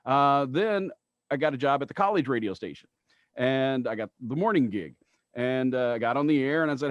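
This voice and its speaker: A man's voice: mid-range voice, animated, normal speed, dry recording. Chatty, laughing radio man, muffled line. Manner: chatty, laughs often, acts out quoted callers. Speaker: radio host, guest. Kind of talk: casual podcast storytelling.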